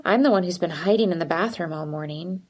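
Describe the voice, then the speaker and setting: A woman voicing a nervous, withdrawn teenage girl who speaks in a quiet, hesitant way. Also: fairly low pitch, fast talker, close to an everyday voice.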